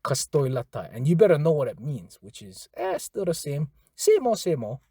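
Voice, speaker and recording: Man, casual language teacher; animated pitch, dry close sound, repeats and spells words patiently. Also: moderate pace, husky, no room sound. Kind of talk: casual spoken language lesson.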